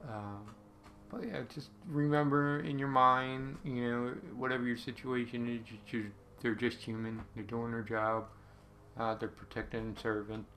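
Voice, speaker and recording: A man's voice: medium pitch, steady tone, normal speed, fairly bright tone, slight background noise. A man casually telling a personal story to camera, rambling with lots of ums and uhs.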